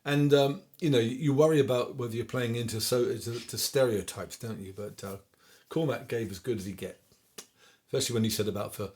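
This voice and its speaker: Faint guitar sits behind a West Country singer-songwriter who is hosting a request show at home in lockdown, reading dedications and chatting casually between songs. He speaks fairly quickly in a darkish voice of medium pitch.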